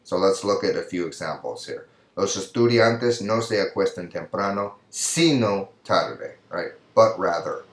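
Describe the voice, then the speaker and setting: A man with a very low voice gives a recorded lesson over slides, explaining step by step and often checking in with the listener. His voice rings in an echoey room. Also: expressive, a little slow, few pauses. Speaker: Spanish teacher.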